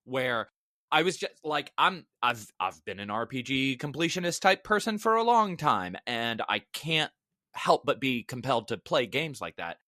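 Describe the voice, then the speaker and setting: A man chatting on a podcast, jumping in with quick, expressive opinions. His bright voice swings widely in pitch and sits close to the mic in a dry, dead room. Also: no echo. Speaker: podcast co-host. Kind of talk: casual podcast chat.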